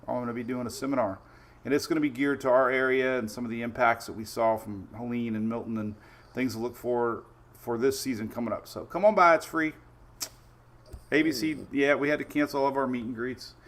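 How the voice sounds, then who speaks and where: A man hosting a casual weather livestream, greeting viewers by name and telling stories in a chatty, relaxed way. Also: medium pitch, a little fast. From Florida Gulf Coast. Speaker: weather show host.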